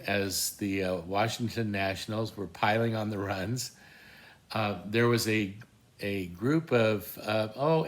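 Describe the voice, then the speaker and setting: Older man telling a wry story. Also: lowish voice. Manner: wry, self-deprecating, many fillers and restarts. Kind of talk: casual anecdote.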